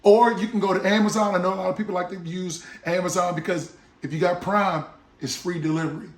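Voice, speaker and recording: A man's voice: high-pitched, fairly even intonation, fast talker, reverberant. A man in a casual, jokey vlog to camera, talking up his own beard oil and acting out little scenes. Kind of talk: casual product talk to camera.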